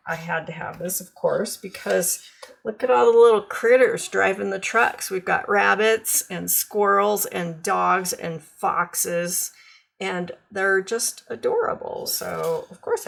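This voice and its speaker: A woman's voice: medium pitch, gravelly. A woman demonstrating craft products in a casual, chatty show-and-tell, full of ums and gushing over cute designs.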